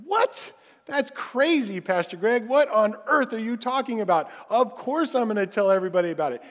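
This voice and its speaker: A man doing a shrill, disbelieving churchgoer. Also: expressive, normal speed. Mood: incredulous. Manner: high, exclaiming disbelief. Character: incredulous churchgoer protesting. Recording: long hall reverb.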